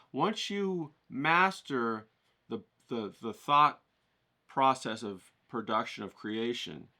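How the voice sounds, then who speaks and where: An animated man runs an art class in an upbeat, coaching manner, checking in with the listener often. When he gets excited, his pitch rises.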